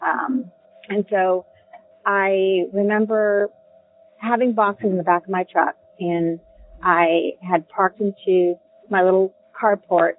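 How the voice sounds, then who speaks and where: A woman telling a personal ghost story in a casual, halting way, with many ums and restarts. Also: mid-range voice. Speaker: caller sharing a ghost story. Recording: tinny phone line.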